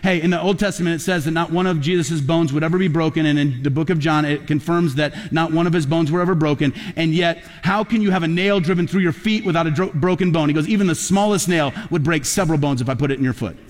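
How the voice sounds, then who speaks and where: A male pastor delivers a sermon in a casual, storytelling tone, then pushes into loud emphatic peaks. His voice sits a little high for a man. It rings out with a long reverb, as in a big church auditorium. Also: fast, few pauses. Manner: conversational preaching, builds to loud emphatic peaks.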